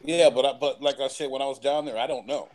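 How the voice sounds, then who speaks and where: A man's voice: medium pitch, fairly even intonation, fast, darkish tone, slight background noise, rough recording. A man in casual late-night chat on a remote call, rambling with lots of fillers and loose swearing. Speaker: panel guest.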